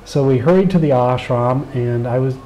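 A man's voice: mid-range voice, moderate pace, muffled recording, slight background noise. A middle-aged American man with a Southern accent, earnestly telling a personal story in an interview and acting out the dialogue. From United States. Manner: earnest, animated retelling with quoted dialogue. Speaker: interview guest.

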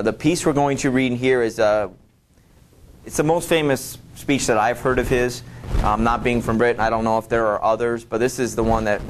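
A male teacher giving a classroom lecture, talking to students directly with many hesitations, fillers and restarts. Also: fairly low pitch.

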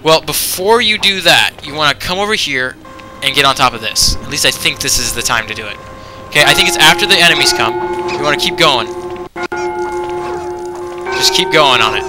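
A man's voice: a little high, a little fast, pauses often, over loud music, poor audio. A man giving casual video game commentary, rambling with lots of fillers and often exasperated at the game. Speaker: let's play host.

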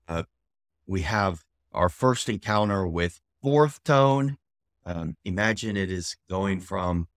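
A man teaching a beginner language lesson, patient and steady, who repeats syllables slowly and loudly to model each tone. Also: deep voice, no echo, clean studio sound.

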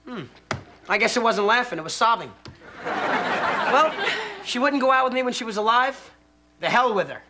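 An actor playing a smart-alecky, deadpan young man, on a very noisy sitcom soundtrack. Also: extremely high pitch, normal speed, pauses often. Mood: wisecracking.

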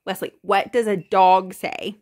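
A woman's voice: medium pitch, steady tone, measured pace, darkish tone. A woman in a home video, patiently quizzing a toddler with encouraging, sing-song questions. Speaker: parent.

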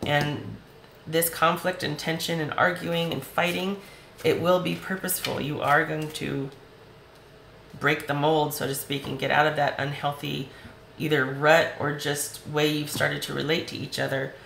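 Hoarse, gravelly woman reading tarot. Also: low voice, flat delivery, a little slow, a bit bright, roomy sound, a little hiss or hum, low-quality recording. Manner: chatty, reassuring, talks straight to the viewer. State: voice going hoarse. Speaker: tarot reader.

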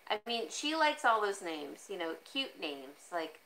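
A woman's voice: sing-song, measured pace, fairly bright tone, a little hiss or hum, low-quality recording. A woman hosting a casual live jewelry sale from home, chatty and easily sidetracked, laughing often and cooing at her cat. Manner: talks to her cat in a high coaxing voice. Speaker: online jewelry seller. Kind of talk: casual live-stream sales chat.

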